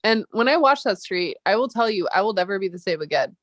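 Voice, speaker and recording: A woman's voice: medium pitch, animated, quick pace, dry recording. A woman vlogger ranting casually and heatedly, swearing often and rambling with restarts.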